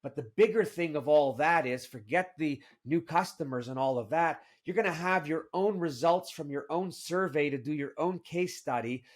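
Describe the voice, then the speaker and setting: A man hosting a podcast interview, talking in an animated, opinionated way and often tossing in "right?". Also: fairly high pitch. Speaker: podcast host.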